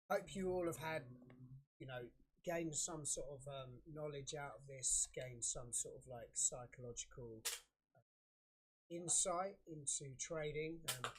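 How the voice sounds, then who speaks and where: A man's voice: medium pitch, slight background noise. A man co-hosting a live trading stream, joking and hesitating with fillers. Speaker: co-host.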